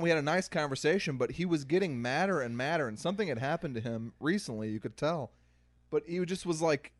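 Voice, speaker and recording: A man's voice: fairly high pitch, animated, fast talker, no echo. A man hosting a podcast, chatting casually and telling anecdotes in a conversational way. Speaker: podcast host. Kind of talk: casual chat.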